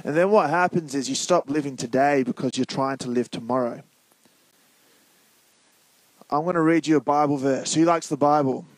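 A man's voice: a little high, moderate pace, long pauses, no room sound, low-quality recording. A man preaching in a casual, conversational way, reading scripture and asking the listeners to call out answers. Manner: conversational, prompts the audience to call out.

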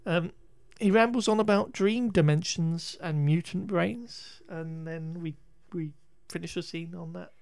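A man's voice: fairly high pitch, unhurried, gravelly, few pauses, a little mellow, no room sound. Chatty man recapping a film. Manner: rambling, self-correcting, laughs often. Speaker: podcast co-host recapping a film. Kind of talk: casual chat.

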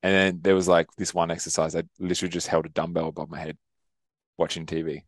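A man's voice: low voice, flat delivery, fast talker, no echo, clean studio sound. A young man co-hosting a podcast, rambling through stories, laughing often and swearing casually. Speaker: podcast co-host. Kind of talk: casual chat.

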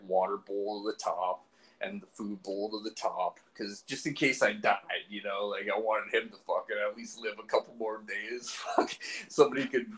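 A man's voice: lowish voice, poor audio. A man in his forties chatting casually on a podcast, rambling and hesitant in a subdued way. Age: 40s. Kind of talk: casual chat.

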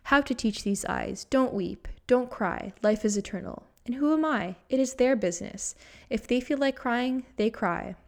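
A woman voicing an enlightened male master who calmly explains his own weeping in an earnest storyteller's way. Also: fairly high pitch, moderate pace, creaky.

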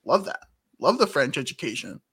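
A man's voice: medium pitch, very animated, moderate pace, fairly bright tone, slightly rough. A man co-hosting a podcast in casual chat, teasing and stopping to restart his sentences. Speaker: podcast co-host.

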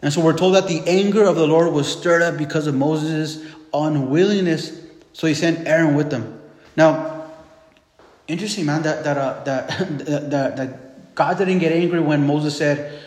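A man preaching in a relaxed, conversational way, retelling scripture in plain modern words and voicing the people in the story. His voice sits a little high. The sound rings through a big echoey hall with a long reverb tail. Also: moderate pace. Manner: retells scripture in casual everyday speech, acting out voices. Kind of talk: sermon.

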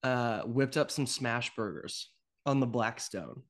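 Young male co-host, relaxed chat with jokes; mid-pitched, ordinary voice. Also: takes it slowly. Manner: easygoing, joking banter. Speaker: podcast co-host. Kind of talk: casual chat.

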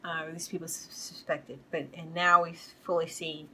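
A woman's voice: low voice, little pitch movement, moderate pace, pushed and bright, a little hiss or hum, poor audio. A woman hosting a podcast, casually recapping a TV episode in a rambling way, full of fillers. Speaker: podcast host.

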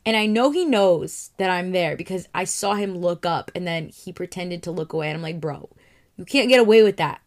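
A woman's voice: fairly low pitch, normal speed, hardly any pauses. Young woman telling a profane story. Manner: profane, animated, acts out her own reactions. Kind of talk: casual storytime monologue.

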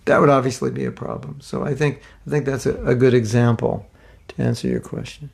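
A man's voice: mid-range voice, fairly even intonation, a little fast, creaky, darkish tone. An American man giving an informal spiritual talk, conversational and rambling, with restarts and side remarks. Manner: conversational, repeats and restarts, asides. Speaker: spiritual teacher.

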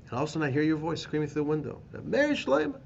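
A man, a rabbi teaching a class, telling a story with animated emphasis and repeated phrases. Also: fairly high pitch, racing, lo-fi sound, slight background noise. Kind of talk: storytelling lesson.

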